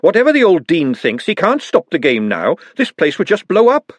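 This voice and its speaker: A man doing a brisk, bossy young woman. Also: high-pitched, wildly swooping pitch, dry recording, voice pushed up, heavily acted. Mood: urgent. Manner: brisk, commanding.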